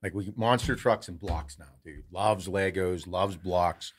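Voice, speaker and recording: A man co-hosting a podcast, telling a lively family story with lots of swearing and laughter. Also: low voice, unhurried, breathy edge. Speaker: podcast co-host. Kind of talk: casual storytelling.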